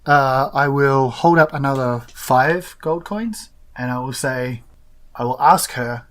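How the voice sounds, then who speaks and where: A player in a tabletop fantasy game who describes their character's actions in a plain, even way. The voice sits in a middle pitch. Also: takes it slowly. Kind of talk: tabletop role-play, describing own character.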